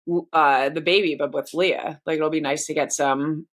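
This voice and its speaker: A woman's voice: deep voice, fairly even intonation, moderate pace. A pregnant woman co-hosting a podcast, talking in a casual, rambling way with many restarts and fillers. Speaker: podcast co-host. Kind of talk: casual chat.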